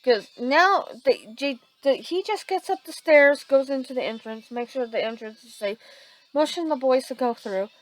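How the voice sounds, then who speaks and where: Halting woman telling a fan story. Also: high-pitched, low-quality recording. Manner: halting, many restarts and fillers. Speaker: fan fiction narrator. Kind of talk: improvised story narration.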